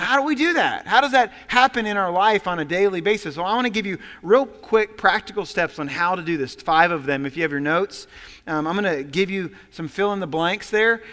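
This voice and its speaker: A male pastor delivers a storytelling sermon in a slightly high, bright, forceful voice. He drops to a hush for quoted lines and then builds to loud emphasis. His voice carries a long reverb from the hall.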